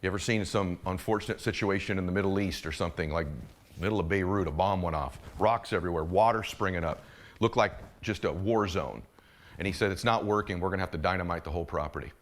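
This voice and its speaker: Animated man telling a motivational story. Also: sits low, fast talker. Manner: animated, acts out other people's voices in his story. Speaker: motivational speaker.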